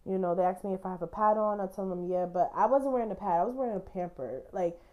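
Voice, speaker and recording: A woman's voice: medium pitch, quick pace, muffled recording. A young woman hosting a podcast, telling a personal story in a blunt, candid way and swearing casually. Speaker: podcast host.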